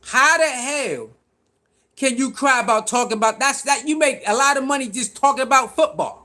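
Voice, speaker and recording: A man's voice: very high voice, moderate pace, sharp tone. A man hosting casual sports reaction commentary, talking in slang, repeating himself and calling out to his viewers. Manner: slangy, repetitive, calls out to viewers.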